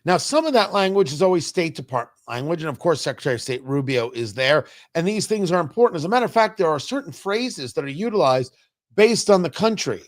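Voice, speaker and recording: A male talk show host delivering opinionated political commentary. His voice sits high and swings widely in pitch, and he leans hard on key words with drawn-out pauses. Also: very animated.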